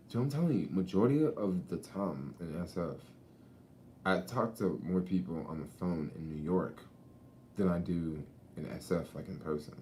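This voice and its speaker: Speaking at a moderate pace in a low, mellow voice, the vlogger talks outdoors on a beach with slight background noise. He keeps it laid-back and slangy, rambling casually with frequent swearing and laughter.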